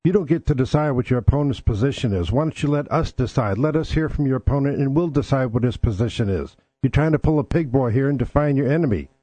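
A man's voice: medium pitch, animated, fast talker, few pauses, warm tone, husky, dry recording. A man hosting his own talk show, talking bluntly and combatively with plenty of swearing. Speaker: podcast host. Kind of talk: casual political talk.

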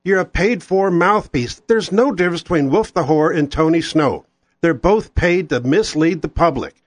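Brief: angry talk radio host man, slightly raised pitch, very dry sound. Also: expressive, moderate pace, dry recording. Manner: angry, sarcastic, ranting. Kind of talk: political talk radio rant.

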